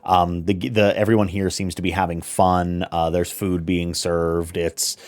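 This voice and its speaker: A man narrating as game master of a tabletop role-playing game, relaxed with lots of fillers. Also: deep voice, a little slow. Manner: relaxed, many fillers and restarts.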